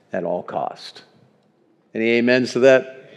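A male pastor preaching a sermon in a church, animated and chuckling, calling for amens from the congregation. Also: medium pitch, moderate pace. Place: church sanctuary. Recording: long reverb in a church hall.

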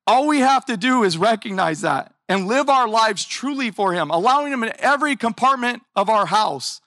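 Male preacher, bright tone, dry close mic; lively, talky sermon with many questions. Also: high voice, normal speed, no echo. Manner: animated, conversational preaching with rhetorical questions. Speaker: pastor.

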